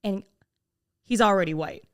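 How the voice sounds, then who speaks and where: A young woman co-hosting a podcast, telling a story in casual chat, animated and full of "like" fillers, acting out what others said. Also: mid-range voice, normal speed, smooth. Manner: animated, quotes people in shifting voices, many "like" fillers. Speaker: podcast co-host.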